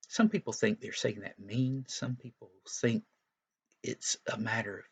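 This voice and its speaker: Husky-voiced man telling a Bible story. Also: medium pitch, steady tone, unhurried. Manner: folksy and explanatory, with frequent asides. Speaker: Sunday school teacher. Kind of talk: retelling a Bible story for young children.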